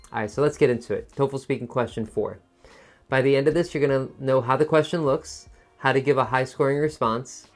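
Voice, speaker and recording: A man gives an online lesson in a soft, musical teacher voice that swings up and down. His pitch sits in an ordinary middle range. He speeds up and then slows right down to stress a point. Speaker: TOEFL teacher. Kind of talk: online lesson explaining a test.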